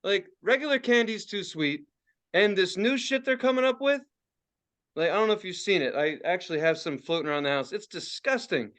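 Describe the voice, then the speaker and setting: A man's voice: high-pitched, expressive, a little fast, a bit bright. A man in his forties ranting and swearing as a podcast co-host, laughing often in casual talk. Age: 40s. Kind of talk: casual profane podcast rant.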